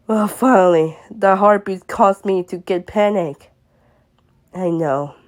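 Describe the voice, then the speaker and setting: A woman telling an improvised homemade story, halting and stammering with many fillers and restarts. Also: medium pitch, a little mellow.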